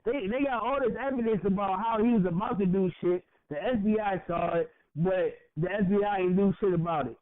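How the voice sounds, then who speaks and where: A man's voice: sits high, brisk, hardly any pauses, dry recording. A young adult man and podcast co-host, ranting with passion and a lot of profanity, stumbling over repeated words. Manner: heated, profane, repeats words when worked up. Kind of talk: impassioned casual podcast rant. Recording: tinny phone-like audio.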